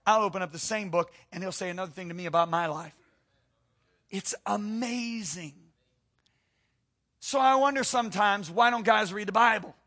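Male pastor, sermon, emphatic, bright tense voice, repeats for stress. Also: high voice, moderate pace, long pauses.

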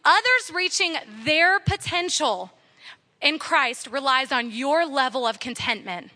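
A young woman preaches to a group of women in an earnest, exhorting way and says her main points more than once. Her voice sits high and comes across bright and clear. She talks like a speaker in a church setting. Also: animated, unhurried. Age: young adult. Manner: earnest, exhortative, repeating key phrases. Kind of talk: sermon.

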